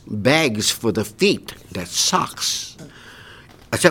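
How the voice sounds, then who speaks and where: A man's voice: mid-range voice, huge pitch swings, takes it slowly, husky. An older man with a Hawaiian accent, a retired principal telling funny stories in a group conversation and laughing as he goes.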